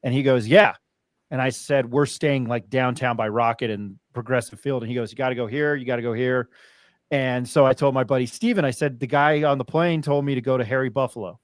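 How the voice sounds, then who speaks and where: This is a man from New Mexico hosting a podcast and chatting casually. His voice sits at a middle pitch, and the sound is dry and close. He rambles through stories full of fillers and restarts. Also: fairly quick, dry recording. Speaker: podcast host. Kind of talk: casual chat.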